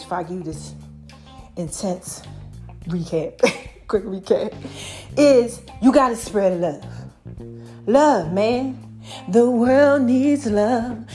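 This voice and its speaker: A woman's voice: a little high, darkish tone. A woman giving a playful, casual motivational talk to her viewers, laughing and acting out little voices. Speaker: vlogger.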